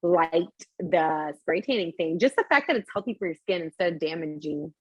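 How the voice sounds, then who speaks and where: A woman's voice: on the low side, expressive, normal speed, slightly rough, no echo, highs cut off. A young woman co-hosting a casual podcast chat, laughing often and swearing casually as she tells stories. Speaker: podcast co-host.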